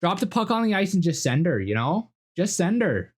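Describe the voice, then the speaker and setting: A man's voice: high voice, big pitch swings, normal speed, pitched above the performer's own voice. A man putting on a crude, rowdy Albertan redneck guy with an Albertan accent, swearing and brash. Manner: brash, profane, slangy.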